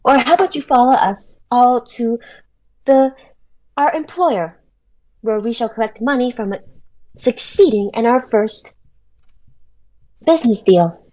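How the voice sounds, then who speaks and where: A woman's voice: a little high, animated, unhurried, long pauses, warm tone, voice pushed up, poor audio. A woman voicing a stubborn young female elf noble who speaks in formal, stately phrasing. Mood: defiant.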